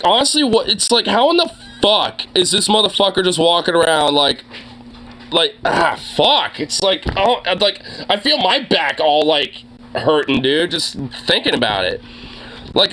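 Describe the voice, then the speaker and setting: A man's voice: a little high, pushed and bright, rough recording. A young man with a sore throat, chatting casually as a podcast host, rambling with lots of fillers and swearing. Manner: rambling, filler-heavy, profane. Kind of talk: casual chat reacting to videos.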